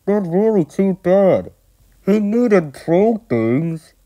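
A man voicing an eager, easily flustered small male tank engine from a storybook, talking high and breathless. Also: expressive, slow pace, mellow. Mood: indignant.

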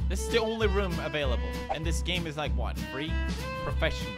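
A young man doing comedic gaming commentary, shouting with mock anger and laughing between sarcastic remarks. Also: fairly high pitch, very animated, a little fast, loud music behind the voice. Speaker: gaming YouTuber. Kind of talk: joking gameplay commentary.

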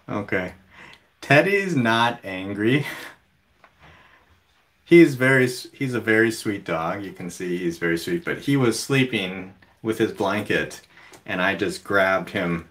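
A man hosting a casual livestream from home, reading viewer comments aloud in a relaxed way. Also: lowish voice. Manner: slow, relaxed, reads chat comments aloud. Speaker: livestream host.

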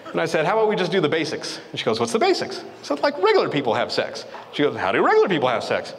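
A man telling a story in a stand-up set, acting out both sides with big jumps in pitch. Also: wildly swooping pitch, very fast. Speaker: stand-up comedian. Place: comedy club stage. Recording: live club audio with long reverb and noise. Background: audience laughter.

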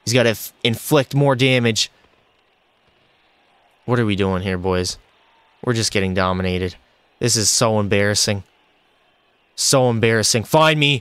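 Young guy streaming hockey game, smooth clear voice, dry close sound, gets worked up a lot. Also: fairly low pitch, a little slow, long pauses, no room sound. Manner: excitable, frustrated, addresses chat as boys. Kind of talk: live gameplay commentary.

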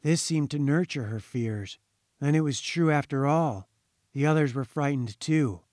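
A man reading a haunting short story aloud in a measured, ominous storytelling manner. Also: on the high side, a little mellow, dry recording, clean studio sound. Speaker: audiobook reader. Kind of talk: scripted narration.

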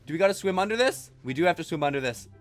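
A man giving energetic let's-play commentary as a gaming YouTuber, quick to exclaim and often repeating himself. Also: on the high side, faint music behind.

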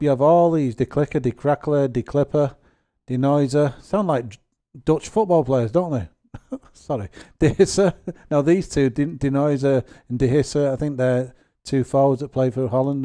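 A gaming host talks through a software tutorial in a mellow, darker tone. He rambles casually and cracks small self-deprecating jokes as he goes. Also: mid-range voice, moderate pace.

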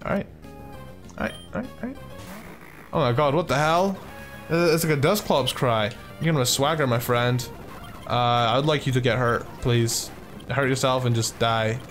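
A man chats loosely through a game playthrough, excitable and quick to swear, stringing his thoughts together with lots of filler. His voice sits at a middling pitch. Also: soft background music. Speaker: let's play gamer. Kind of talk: casual gaming commentary.

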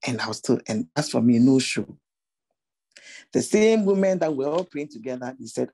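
A woman's voice: rumbling low, lively intonation, moderate pace, warm tone, slightly rough, no echo, rough recording. A woman giving an earnest personal testimony sermon to other women, pressing her listeners with repeated rhetorical questions. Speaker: women's ministry speaker.

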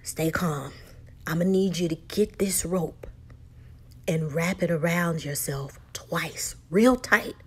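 A woman voices an intense older veteran father, his words low, urgent and half whispered. The voice is husky and pitched below the reader's own, with a steady, commanding press. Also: moderate pace, lightly acted. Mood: hushed, urgent.

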